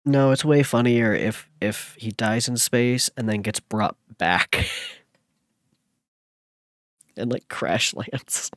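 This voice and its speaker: A man reading a classic novel aloud on a stream, relaxed, with small slips and casual commentary between passages. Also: mid-range voice, slow, long pauses, no room sound.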